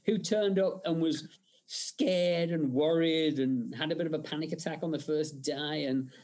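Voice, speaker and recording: A man's voice: a little high, a little slow, darkish tone. A man, a film director guest in an interview, talking at length with many fillers and restarts. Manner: rambling storyteller, frequent fillers and restarts. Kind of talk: conversational interview.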